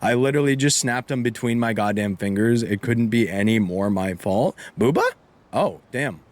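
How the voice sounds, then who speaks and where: A man's voice: mid-range voice, normal speed. A man streaming a video game live, chatting casually with viewers and swearing freely. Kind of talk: casual live-stream chat while gaming.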